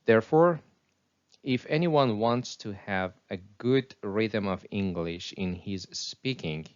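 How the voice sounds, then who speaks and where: A man narrating a scripted English pronunciation lesson, reading example sentences slowly and deliberately. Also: lowish voice, lively intonation, muffled recording.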